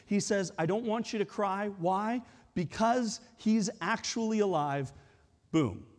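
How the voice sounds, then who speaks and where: A man's voice: high-pitched, a little mellow, long reverb tail. A man preaching a sermon as a pastor, casual and conversational, acting out the lines he quotes.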